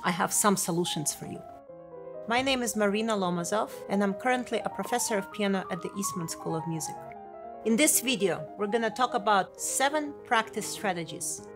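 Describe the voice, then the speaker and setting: A middle-aged woman teaching piano in a clear, demonstrative way, her voice sitting at an ordinary middle pitch. Piano playing rings out clearly behind her as she explains. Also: expressive, brisk. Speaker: piano professor. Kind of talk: instructional video lesson.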